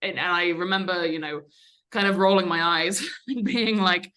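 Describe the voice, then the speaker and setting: A young woman speaks as a podcast guest, telling her own story in a chatty, candid way. Her voice sits on the low side yet rings bright and forward. She pauses on fillers and restarts her sentences as she goes. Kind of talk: conversational storytelling.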